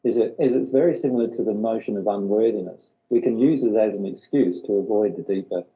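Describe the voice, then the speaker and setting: A man's voice: fairly low pitch, brisk, muffled recording. A man leading a spiritual workshop, explaining earnestly and often repeating his words. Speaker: workshop teacher.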